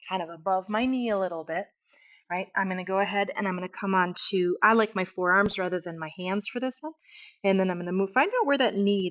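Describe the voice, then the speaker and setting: A woman's voice: mid-range voice, lo-fi sound. A woman teaching a yoga class, giving casual, self-deprecating cues while she moves through the poses. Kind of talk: guided yoga instruction.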